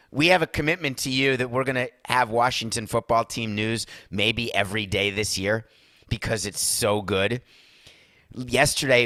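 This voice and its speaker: A male sports podcast host rants emphatically, tossing in sarcastic asides. His voice sits fairly low but sounds bright, and it is dry and close on a studio mic. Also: no echo. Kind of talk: sports talk podcast monologue.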